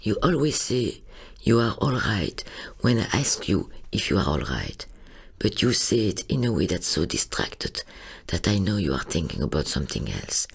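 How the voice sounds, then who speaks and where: A woman reading a literary monologue, husky and creaky, often sinking into a whisper. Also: very deep voice, sing-song, normal speed. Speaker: narrator.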